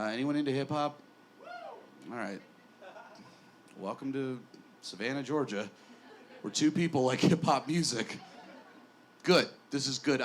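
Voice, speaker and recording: A man's voice: medium pitch, a little hiss or hum. A man in his twenties doing a stand-up set in a small bar, rambling and self-deprecating with stammered restarts. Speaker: stand-up comedian.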